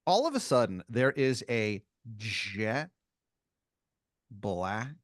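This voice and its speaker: A man's voice: lowish voice, big pitch swings, drawn-out words, dry recording. Rambling male podcast storyteller, dry sound. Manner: rambling, full of fillers and restarts. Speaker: podcast co-host. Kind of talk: improvised comedic storytelling.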